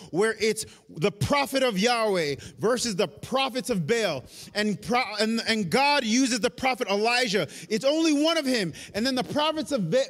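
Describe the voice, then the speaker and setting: A male pastor, preaching an animated, storytelling sermon in a church. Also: very high voice. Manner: animated, storytelling, self-aware asides. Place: church sanctuary.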